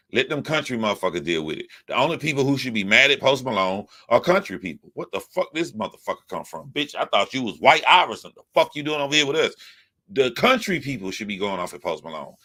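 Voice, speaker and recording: Young guy ranting, lotta swearing, punchy bright voice, kinda low, says stuff twice. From United States. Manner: profane, emphatic, repetitive. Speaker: commentator. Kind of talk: ranting commentary.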